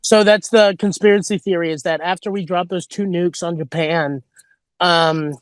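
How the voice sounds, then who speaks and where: A man's voice: sits high, fairly even intonation, moderate pace, clear, resonant tone, no room sound. A male comedian chatting as a podcast guest, telling rambling stories and acting out what people said. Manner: rambling storyteller, acts out quotes. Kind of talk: casual podcast chat.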